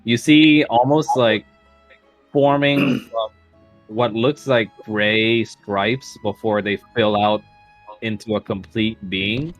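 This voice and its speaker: A man's voice: fairly low pitch, steady tone, slow pace, soft background music, low-quality recording. A man narrating a tabletop game as game master, casual and full of fillers.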